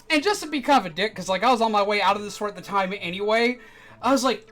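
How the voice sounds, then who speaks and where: A streamer and former game store manager telling stories in casual chat, animated, with loud indignant outbursts. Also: high voice, racing, soft background music.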